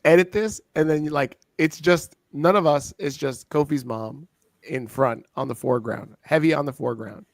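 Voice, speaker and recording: A man co-hosting a wrestling review show in casual, profane, excitable chat, laughing often. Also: on the high side, normal speed, gravelly, no echo, studio quality. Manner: excitable, swearing, laughing, with frequent impersonations.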